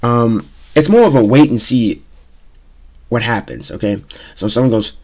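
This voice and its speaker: A man's voice: medium pitch, normal speed, darkish tone. A man hosting his own talk show, giving blunt, opinionated commentary and often repeating himself with "okay?" and "you know?". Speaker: show host.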